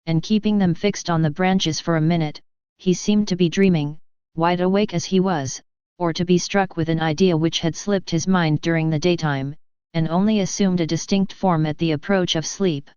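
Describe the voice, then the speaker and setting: Smooth-voiced woman narrating an audiobook. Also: lowish voice, fairly even intonation, normal speed, darkish tone, no echo. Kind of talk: scripted narration. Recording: dry, slightly muffled.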